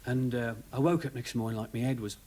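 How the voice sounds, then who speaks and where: A man's voice: mid-range voice, quick pace, darkish tone. A man with a Birmingham accent telling a rambling stand-up story with lots of asides. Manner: rambling, chatty, full of asides. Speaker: stand-up comedian. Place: TV studio before live audience. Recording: 1970s TV studio with audience laughter.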